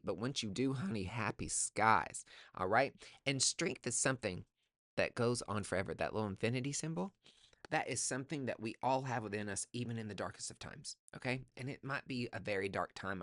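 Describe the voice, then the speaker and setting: A man's voice: on the low side, fairly bright tone, no echo, clean studio sound. A man giving a casual tarot reading, sassy and profane, calling the listener honey and giving an emphatic pep talk. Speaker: tarot reader.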